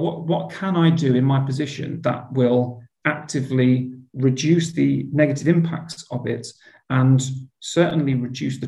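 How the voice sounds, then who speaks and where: A man's voice: medium pitch, darkish tone, echoey room. A man, a school leader talking earnestly in an interview conversation. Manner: earnest, reflective, with frequent restarts.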